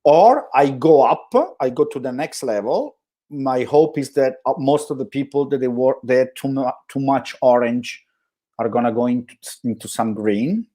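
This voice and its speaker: A man with an Italian accent, a guest telling animated stories in a conversational interview, often restarting his sentences. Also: mid-range voice, normal speed. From Italy. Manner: animated storytelling with frequent restarts. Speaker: guest storyteller.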